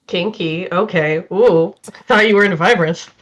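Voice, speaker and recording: A woman's voice: lowish voice, normal speed, highs cut off. A woman playing her character in a tabletop game, teasing and coaxing a fellow player in banter. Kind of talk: in-character tabletop role-play.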